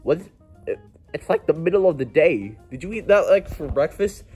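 A man voicing an excitable plush plumber toy in a homemade plush skit, breaking into sudden high yelps. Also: normal speed, breathy edge, faint music behind. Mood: bored.

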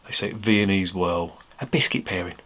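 A man's voice: deep voice, normal speed, a bit bright. A man reviewing a beer in a casual, rambling way, swearing freely and poking fun at himself. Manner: blunt, swears freely, chatty and self-mocking. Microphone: his original microphone, not a clip-on.

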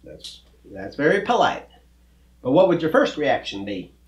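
In a children's comedy skit, a folksy, good-natured cowboy teacher speaks in a fairly high, very lively voice at a moderate pace. He explains things patiently and tells corny jokes, and the lo-fi recording has a roomy echo. The mood is friendly.

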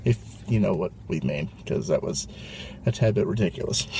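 A man's voice: deep voice, normal speed, vocal fry, slight background noise. Playful man reviewing food. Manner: playful, excitable, jokey. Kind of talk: casual food review chat. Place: fast food restaurant.

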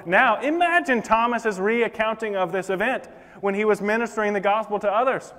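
Male preacher, high voice, fervent sermon delivery, echoing sanctuary sound. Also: lively intonation, normal speed, fairly bright tone. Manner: impassioned, acts out the Bible figures' words. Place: church sanctuary. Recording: long reverb of a church hall.

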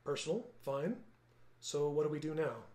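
A man's voice: on the high side, expressive, moderate pace, natural voice. A man reading the part of a flustered, tentative grown daughter, in an echoey room. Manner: hesitant, soft-spoken.

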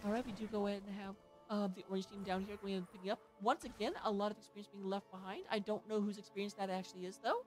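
A woman casting an amateur esports match with play-by-play commentary, chatty and excitable, with joking asides. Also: medium pitch, quick pace, soft background music. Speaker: esports caster.

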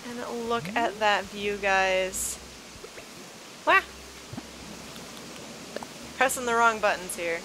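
A woman gives a video tour of a game island, gushing and exclaiming often while sounding a little sleepy and yawning. Her mid-range voice is unhurried with few pauses, over background music and noise in this casual gameplay commentary.

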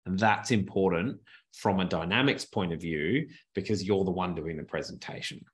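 In this webinar, a low-pitched man coaches viewers on presenting from his home office. His delivery is lively, with pace and tone varied on purpose, and a quality desk mic picks him up cleanly.

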